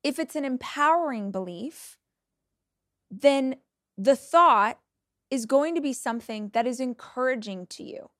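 A woman in her forties hosting a motivational podcast, talking in a blunt, energetic way and swearing casually. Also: high voice, measured pace, no room sound, clean studio sound. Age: 40s. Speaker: podcast host.

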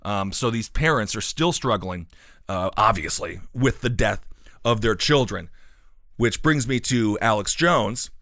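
Brief: male podcast host, lively pitch, dry close sound, sarcastic and cynical. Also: measured pace, no room sound. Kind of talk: casual opinion chat.

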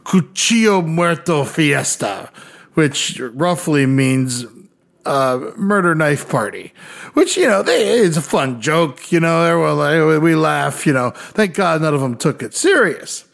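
Young male podcast co-host, light, higher voice, animated and profane storyteller. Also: measured pace, creaky. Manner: animated, profane, mimics other people's voices. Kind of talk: casual storytelling.

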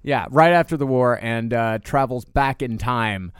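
A man's voice: mid-range voice, unhurried, clear, resonant tone, no room sound. A man co-hosting a podcast, chatting casually, laid-back with dry one-liners. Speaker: podcast co-host. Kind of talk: casual gossip chat.

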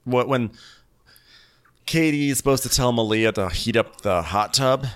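A man's voice: medium pitch, measured pace, clear, resonant tone. A man co-hosting a podcast, recapping a TV episode in casual chat with wry, exasperated riffs. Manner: wry, exasperated riffing with laughs. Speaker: podcast co-host.

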